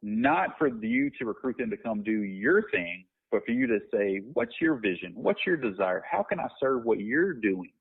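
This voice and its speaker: A low-voiced man with a husky edge tells a story, circling back on himself with restarts and fillers. He sounds reflective and unhurried. The audio is thin and tinny, like a phone line. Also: lively intonation. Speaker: guest minister. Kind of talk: conversational podcast interview.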